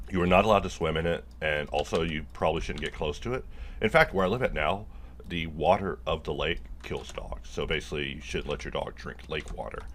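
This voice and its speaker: A man's voice: a bass voice, fairly bright tone. A man talking casually to the camera while he works, joking about himself and wandering off topic, with many fillers. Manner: self-deprecating, jokey, rambling with many fillers. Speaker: video maker working on a project. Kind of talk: casual rambling monologue while working.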